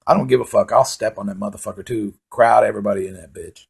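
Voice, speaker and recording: A man's voice: lowish voice, steady tone, fast talker, creaky, hardly any pauses, darkish tone, slightly rough. A man doing rambling, profane stand-up storytelling, full of fillers. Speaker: comedian. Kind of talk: stand-up monologue.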